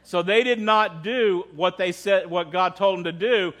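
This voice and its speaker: A high-pitched man delivers a church sermon as pastor. His talk is loose and conversational, with frequent questions to the listeners and repeated words as he finds his way through a thought. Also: fairly even intonation, unhurried, fairly bright tone. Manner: conversational, asks the congregation questions.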